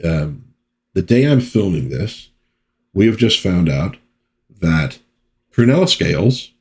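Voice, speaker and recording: A man's voice: low-pitched, darkish tone. A man hosting a casual comic book review vlog, chatty and easygoing. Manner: chatty with frequent fillers and restarts.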